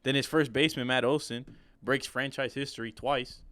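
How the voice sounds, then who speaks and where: A man's voice: medium pitch, fairly even intonation, moderate pace, fairly bright tone, no echo. A young man co-hosting a podcast, talking sports casually and enthusiastically, rambling with restarts. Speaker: podcast co-host.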